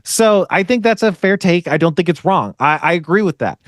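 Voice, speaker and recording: A male podcast host rants in loose, rambling casual chat, peppered with swearing. His voice sits high for a man, and the recording is dry and close, with no room sound. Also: expressive, a little fast, dry recording. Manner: rambling, profane, ranting.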